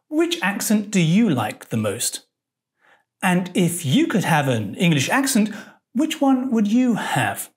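A woman's voice: mid-range voice, a little mellow. A woman presenting an English lesson in a playful way, with hesitant fillers and puzzled asides. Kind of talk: scripted educational presentation.

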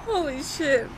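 A woman co-hosting casual gameplay commentary who keeps breaking into helpless laughter. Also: very high-pitched. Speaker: game show co-host. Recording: noisy background hiss.

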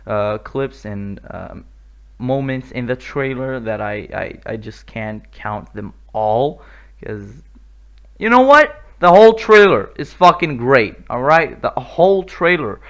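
A man hosting a casual video reaction, excitable and swearing freely, breaking into loud exclamations. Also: medium pitch, clean tone. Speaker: YouTube reaction host.

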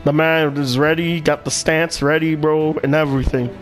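Excitable man shouting over game music. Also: a little high, moderate pace. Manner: excitable, swears, shouts and repeats himself. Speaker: gameplay commentator. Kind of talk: casual game commentary. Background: loud game music.

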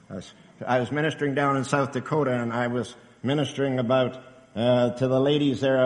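Emphatic preacher man in a reverberant hall. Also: medium pitch. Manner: emphatic, earnest exhortation. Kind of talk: sermon. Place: church camp meeting hall.

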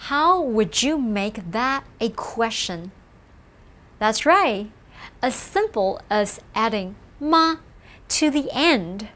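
A woman with a high voice narrates a scripted language lesson. She speaks slowly and carefully, explaining each point in an encouraging way. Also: lively intonation, a bit bright. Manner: slow, careful, encouraging explanation with model phrases. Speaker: language teacher.

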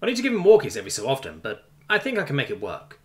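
A man voicing an easygoing young human man who talks softly and gently, coaxing a wary animal. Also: mid-range voice, wildly swooping pitch, rapid-fire. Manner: soft, coaxing, casual. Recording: faint music underneath.

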